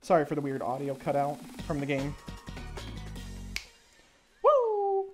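A woman streaming a party game, giving excited play-by-play and yelling at every win and fall. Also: very deep voice, quick pace. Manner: excitable, shrieks and yells at wins and falls. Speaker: gaming streamer. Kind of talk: excited let's-play commentary. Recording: game music behind the voice.

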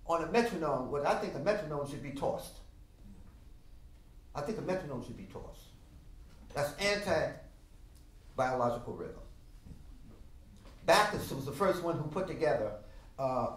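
An older man teaching a music masterclass, animated and emphatic, singing out rhythms with drum sounds in a classroom. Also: on the high side. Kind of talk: masterclass lecture. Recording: roomy sound from a distant mic.

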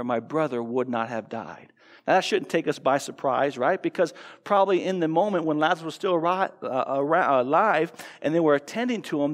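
A fairly high-voiced American man preaches with earnest feeling, often doubling back on his words and putting questions to the congregation. His voice carries a long church-hall reverb. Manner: earnest, with repeated restarts and rhetorical questions. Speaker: pastor. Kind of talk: sermon. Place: church sanctuary.

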